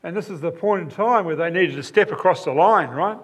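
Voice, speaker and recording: A man's voice: a little high, a little fast, a bit bright, slightly rough. A man preaching a sermon, explaining a passage with emphatic, repeated phrases.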